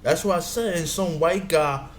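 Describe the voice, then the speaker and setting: With a fairly high pitch and a moderate pace, a man wanders through a casual monologue full of advice. He keeps tossing in "you know what I'm saying," and the recording has room echo and faint background noise.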